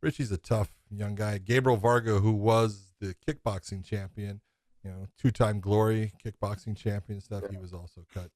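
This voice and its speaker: A man with a fairly low voice co-hosts a casual fight podcast. He explains things at length and drops in plenty of "you know" fillers. His voice sounds close and dry, with no room around it. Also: fairly even intonation, moderate pace, a little mellow, no echo. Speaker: podcast co-host. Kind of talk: casual MMA chat.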